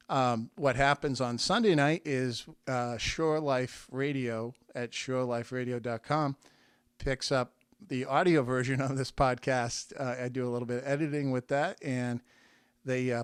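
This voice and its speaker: Man, chatty podcast host from new england, smooth resonant voice, dry close sound. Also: medium pitch, dry recording. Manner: chatty, rambling with fillers. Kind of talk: casual interview chat.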